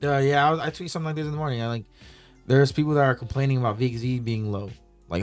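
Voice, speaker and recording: A man's voice: mid-range voice, steady tone, quick pace, clear, resonant tone, soft background music. A man co-hosting a casual crypto podcast, earnest, giving firm advice and repeating his points. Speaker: podcast co-host. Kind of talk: casual chat.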